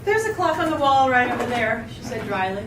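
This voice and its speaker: A woman's voice: high-pitched, expressive, normal speed. An actress playing a melodramatic woman who narrates everything she says, in a theatrical, over-the-top manner. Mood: indignant. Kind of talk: stage play acting. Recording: echoey hall, distant mic, noisy.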